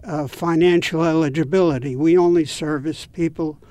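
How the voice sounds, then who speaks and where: Man, interview guest, measured and explanatory, warm tone, slightly higher voice. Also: fairly even intonation, no room sound. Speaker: guest from a home repair volunteer group. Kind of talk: interview answers.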